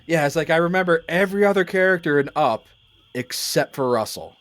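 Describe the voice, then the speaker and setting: A man, narrating a tabletop game as game master in a casual, halting way with many restarts. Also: on the high side, animated, a bit bright.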